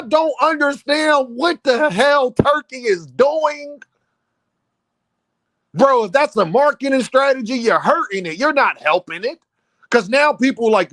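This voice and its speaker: A man hosting a casual boxing commentary stream, heated and animated, often repeating himself and breaking into near-shouts. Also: high voice, measured pace, no room sound. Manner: many restarts and repeated fillers.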